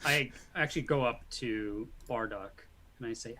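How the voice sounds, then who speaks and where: A man's voice: mid-range voice, moderate pace, a crowd in the background. A man playing in a tabletop game, describing his character's actions in a dry, sardonic way. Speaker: player.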